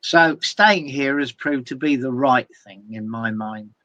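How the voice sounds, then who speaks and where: A man's voice: medium pitch, a little slow, pushed and bright, slight background noise. A man, co-hosting and closing a live online chat show in a rambling, casual way with plenty of fillers. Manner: chatty, rambling, with frequent fillers. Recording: dull, dry, lo-fi video call audio.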